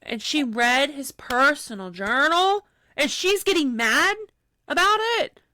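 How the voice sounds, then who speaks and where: A woman's voice: high-pitched, animated, slow, pushed and bright, no room sound. A woman co-hosting a podcast, chatting casually and acting out other people's lines as she tells a story. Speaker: podcast co-host. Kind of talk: casual chat recapping a reality show.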